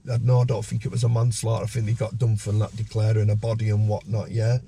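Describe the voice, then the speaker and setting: Man telling a rough story. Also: fast talker, slight background noise. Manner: animated storyteller, acts out voices with sudden high pitch. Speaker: guest. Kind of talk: storytelling in a podcast interview.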